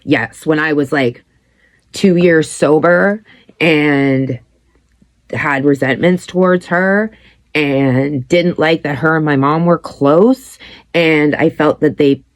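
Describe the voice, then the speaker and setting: A woman's voice: low voice, slow, no echo. A woman, likely in her thirties, telling her own story bluntly with lots of swearing and acted-out quotes. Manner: blunt, heavy swearing, animated quoting. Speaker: podcast host. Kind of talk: candid personal storytelling.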